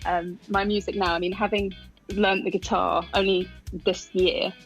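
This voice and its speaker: A woman's voice: medium pitch, level tone, normal speed, faint music behind, low-quality recording. A woman musician talking on the phone in a radio interview, chatty and self-deprecating, laughing often and using many fillers. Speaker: musician guest. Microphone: phone line.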